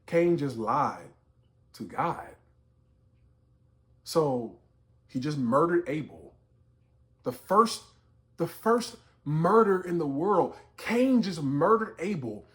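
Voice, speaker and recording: A man's voice: on the high side, expressive, takes it slowly, pauses often. A man teaching a Bible story in a conversational way, building to emphatic outbursts. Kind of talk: explaining scripture to camera.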